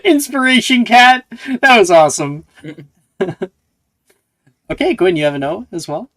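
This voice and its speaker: A game master running an online tabletop game, playful and quick to laugh, correcting players on spell names. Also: medium pitch, sing-song, a bit bright.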